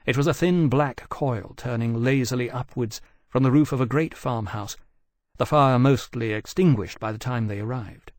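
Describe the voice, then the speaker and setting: A man reading a novel aloud as an audiobook narrator, in a measured, even storytelling manner on a close studio mic. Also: mid-range voice, no room sound. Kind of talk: scripted narration.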